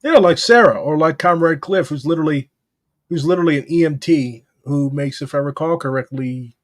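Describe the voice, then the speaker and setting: A man's voice: a little high, brisk, no echo, clean studio sound. A young man from St. Louis hosting a casual podcast chat, loose and profane, with lots of "like.". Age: young adult. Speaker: podcast host.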